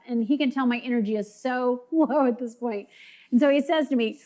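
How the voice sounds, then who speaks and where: A woman's voice: high-pitched, moderate pace. A woman co-hosting a marriage course, telling a personal story and acting out quoted voices. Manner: lively, acts out quoted voices. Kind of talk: storytelling to an audience.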